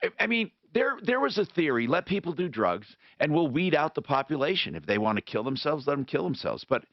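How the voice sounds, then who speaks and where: A man hosting a call-in radio show who rambles and restarts, his pitch swooping lively up and down. The voice sounds close and dry, with no room around it, but comes through a dull, lo-fi broadcast sound. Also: a little fast, dry recording. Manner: animated, rambling, thinks out loud with restarts. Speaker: radio talk show host. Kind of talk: casual call-in radio talk.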